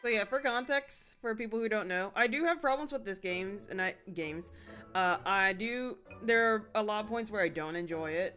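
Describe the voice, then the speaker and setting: A woman streaming a video game, chatting casually with her viewers and breaking into sudden excited squeals. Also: mid-range voice, normal speed, soft background music. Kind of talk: casual gameplay commentary.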